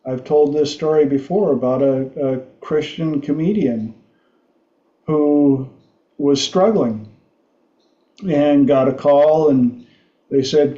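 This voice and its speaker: A middle-aged man hosting a livestream talk show, telling stories slowly with frequent restarts. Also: fairly high pitch, steady tone, warm tone, reverberant, highs cut off. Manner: slow, halting storytelling with restarts. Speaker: podcast host.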